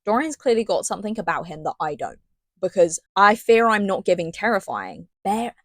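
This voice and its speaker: A young woman giving an animated, sarcastic and rambling book recap in casual chat. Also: mid-range voice, normal speed, dry recording. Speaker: book reviewer.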